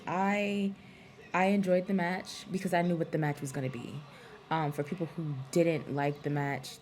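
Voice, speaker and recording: A woman's voice: deep voice, darkish tone. A woman talking through a wrestling event in a casual, frank review vlog, full of ums and likes and swearing freely.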